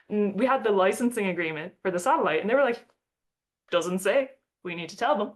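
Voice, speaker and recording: Young woman, chatty storyteller, acts out quotes, laughs often, mid-pitched voice. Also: fast talker. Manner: chatty, quotes others in lively put-on voices, frequent likes and laughs. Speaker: astronomer giving a talk. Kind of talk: casual storytelling talk.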